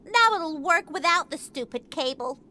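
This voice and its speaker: A woman's voice: very high-pitched, animated, moderate pace, very noisy. A woman voicing a spoiled, demanding little girl in a video game, whiny and bossy. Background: game music.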